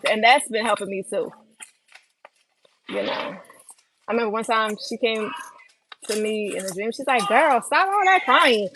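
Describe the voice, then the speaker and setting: A woman's voice: mid-range voice, expressive, normal speed, long pauses, fairly bright tone, slight background noise, poor audio. A tired woman hosting a casual livestream from her home kitchen while she cooks, chatting and reading out viewer comments. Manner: chatty, reads out viewer comments and replies to them. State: tired from lack of sleep. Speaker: livestream host cooking dinner. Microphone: phone livestream. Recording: kitchen clatter of pans and cutlery.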